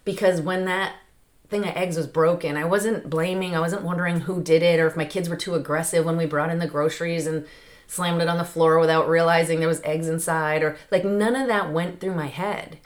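A woman's voice: on the low side, fairly even intonation, fairly quick. A woman hosting a podcast, talking through a casual motivational monologue into a close mic, chatty and laughing often. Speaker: podcast host.

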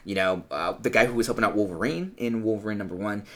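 A young man rambles through a comic book review on a podcast, swearing freely and calling everyone dude. His voice sits on the low side for a man. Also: fast talker, a bit bright, slight background noise. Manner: profane, rambling, says dude a lot. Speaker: podcast co-host.

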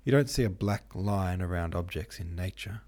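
A man's voice: low-pitched, normal speed, darkish tone, lightly acted. A man voicing a dramatic, opinionated young male art student who argues emphatically. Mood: argumentative. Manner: assertive, emphatic.

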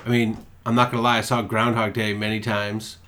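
A man's voice: on the low side, little pitch movement, brisk, pushed and bright, a little hiss or hum. A man in casual podcast conversation, easygoing and chatty, walking through the plot of a series. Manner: chatty, easygoing, talks through show plots. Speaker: podcast co-host.

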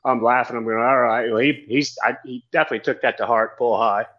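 A man's voice: medium pitch, fairly even intonation, quick pace, dull audio. A man, a tandem skydiving instructor telling a story in a casual, rambling chat and swearing freely.

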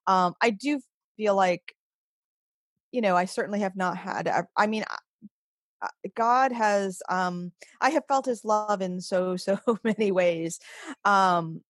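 A middle-aged woman talking as an interview guest, halting with frequent restarts and soft laughs. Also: medium pitch, no room sound, clean studio sound. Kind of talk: conversational interview.

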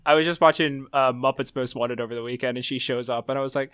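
A man co-hosting a podcast in casual chat, animated and chuckling, slipping into impressions. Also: mid-range voice, a little fast, pauses often, smooth, no echo, clean studio sound. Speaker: podcast co-host.

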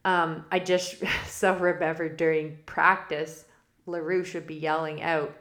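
A woman whose voice sits low and fairly bright, with little pitch movement, delivers an unhurried, casual monologue as host of a spiritual forecast podcast. She wanders onto tangents and breaks into laughter mid-sentence, all in a roomy, echoing space.

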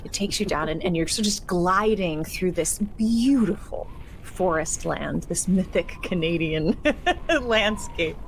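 A woman who is the game master, telling a tabletop story in a relaxed, chatty way and laughing often. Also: on the low side, a little slow, a little hiss or hum.

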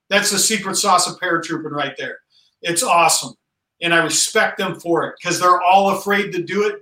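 Earnest, bright-voiced army officer in a roomy space. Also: male voice, recorded from a distance. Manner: emphatic and earnest, rising in pitch as he stresses points. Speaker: Army general, podcast guest. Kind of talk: conversational interview talk.

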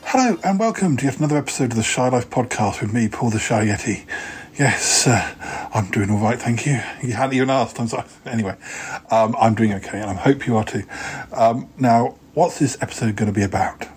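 A man's voice: mid-range voice, animated, a little fast, husky. Hesitant man hosting a podcast. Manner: rambling, hesitant, many fillers. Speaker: podcast host. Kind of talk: casual chat.

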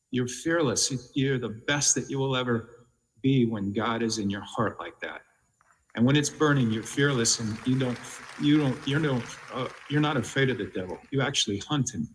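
A man with a husky voice giving an impassioned, halting speech at a conference. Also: medium pitch, a bit bright, long reverb tail, poor audio. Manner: fervent, halting, with restarts. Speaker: conference speaker. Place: large conference hall.

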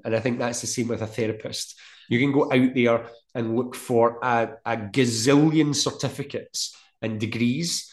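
A middle-aged man talking as a guest in a casual podcast chat, earnest and full of homely comparisons. His voice sits at an ordinary pitch for a man. The room around him rings with echo. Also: fairly even intonation, normal speed. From Scotland. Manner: earnest, storytelling, uses everyday comparisons. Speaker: guest, mental health practitioner. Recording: echoey room.

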